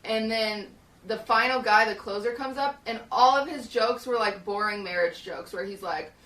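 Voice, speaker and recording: Brief: young woman streamer, bright tone, rambling casual storyteller, echoey small room, mic set back. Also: a little high, normal speed, far from the mic. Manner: rambling, lots of "like" and restarts, acts out quotes. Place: small hot shed studio.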